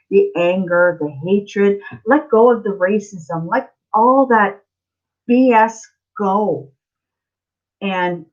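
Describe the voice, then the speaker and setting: Lady tarot reader on a live stream, loose rambly chat, keeps saying right?, muffled sound. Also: medium pitch. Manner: rambling, repeats herself, asks "right?" often. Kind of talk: casual spiritual talk to viewers.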